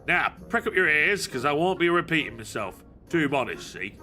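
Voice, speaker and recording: A man's voice: a little high, sing-song, moderate pace, pushed and bright, faint music behind, voice pushed up. A man putting on a blustering braggart hero. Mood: boastful. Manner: blustering, dialect-heavy bragging. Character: boastful gruff male hero, swaggering braggart.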